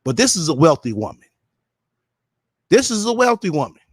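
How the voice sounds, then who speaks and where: A man's voice: fairly high pitch, big pitch swings, moderate pace, husky, no echo, studio quality. A man doing casual reaction commentary, talking bluntly and with profanity straight to his viewers. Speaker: commentary streamer.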